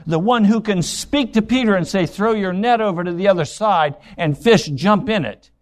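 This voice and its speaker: A man's voice: high-pitched, moderate pace. A man preaching a sermon as a pastor, retelling scripture scenes and acting out the dialogue, then pressing the congregation with pointed rhetorical questions.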